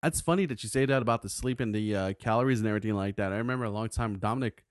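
A man's voice: on the low side, very fast, no room sound, studio quality. A man co-hosting a casual podcast, telling profane stories and acting out quotes. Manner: profane storytelling, acts out quotes. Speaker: podcast co-host. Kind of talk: casual chat.

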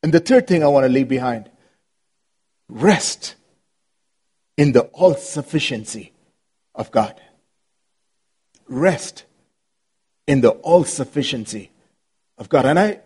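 A man's voice: on the high side, a little mellow, husky. A man preaching an earnest sermon as pastor, repeating phrases and rising into passionate, pleading prayer.

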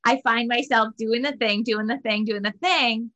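A woman's voice: fairly high pitch, fairly even intonation, normal speed, fairly bright tone, muffled recording. A young adult woman hosting a podcast, talking in an upbeat, chatty way and repeating phrases for emphasis. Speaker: podcast host. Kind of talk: casual podcast chat.

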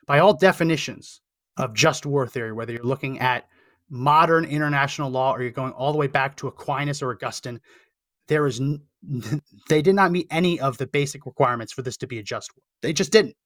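A man's voice: medium pitch, fairly bright tone, dry recording, clean studio sound. A man hosting a political talk show, giving earnest, emphatic commentary and repeating phrases to stress his points.

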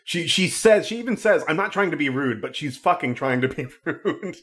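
A man in casual film talk, animated and swearing freely, acting out characters' lines. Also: fairly high pitch, normal speed.

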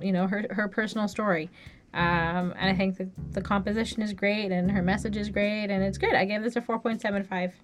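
A young woman gives her take as a podcast co-host, circling her points and leaning on fillers as she thinks aloud. Her pitch is mid-range, and clear music runs underneath her voice. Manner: rambling, full of "like" and "um" fillers. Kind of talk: casual chat.

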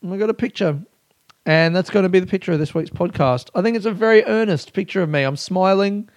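A young man chatting through his weekend on a solo podcast, rambling and poking fun at himself with plenty of swearing. His voice sits a little high for a man, and the close mic sounds dry and close. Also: fast talker, no room sound. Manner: rambling, self-mocking, swears often, laughs a lot. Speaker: podcast host. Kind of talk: casual solo podcast chat.

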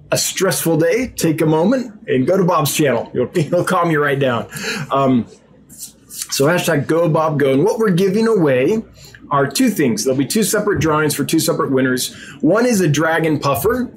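A man's voice: a little high, slight background noise, low-quality recording. A man chatting casually on his own stream, ad-libbing with frequent ums and restarts, growing enthusiastic as he describes aquarium fish. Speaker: aquarium fish seller and channel host. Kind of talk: casual live-stream chat.

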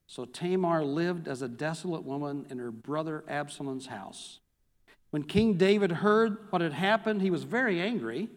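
Pastor reading scripture in a reverberant hall. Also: male voice, a little high, lively intonation. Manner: reads scripture aloud, then reviews it slowly.

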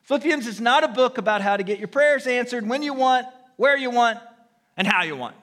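A man's voice: very high-pitched, expressive, a little fast, a bit bright. A man preaching a sermon, earnest and repeating his key phrases for emphasis. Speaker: pastor. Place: church sanctuary.

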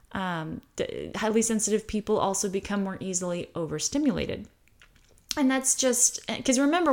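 An American woman explaining a topic in a casual monologue, animated and given to acting out quoted voices. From United States. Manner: animated, acts out quoted voices with pitch jumps. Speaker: host talking about high sensitivity.

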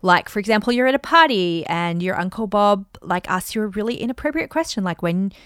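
A woman hosting a casual talk on money mindset, chatty and animated, acting out bits of dialogue. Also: mid-range voice, brisk, clean tone, no room sound, clean studio sound. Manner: chatty and animated, acts out dialogue in bright voices. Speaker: host and money mindset coach. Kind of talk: casual teaching monologue.

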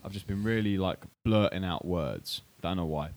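A man's voice: deep voice, normal speed, hardly any pauses. A man co-hosting a podcast in casual chat, rambling and restarting his sentences. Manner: rambling, self-correcting, restarts. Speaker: podcast co-host.

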